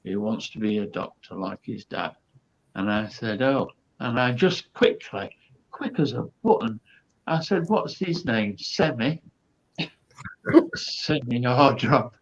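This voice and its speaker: A man's voice: medium pitch, animated, slow, slightly rough. An older man, a comedian guest, telling chatty anecdotes and acting out the people in them. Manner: chatty storyteller, acts out quoted voices. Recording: dull lo-fi sound.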